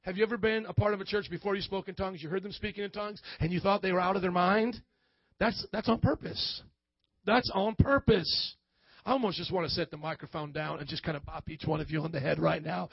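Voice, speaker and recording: A man preaching a lively, playful sermon as a pastor, dropping in frequent amens. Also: sits high, dry recording, muffled recording.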